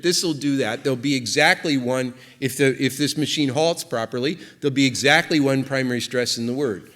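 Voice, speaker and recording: A man delivering an academic conference talk at a middle pitch, thinking aloud as he goes, with lots of fillers and restarts. His voice carries the long reverb of a lecture hall. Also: fairly bright tone. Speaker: invited speaker.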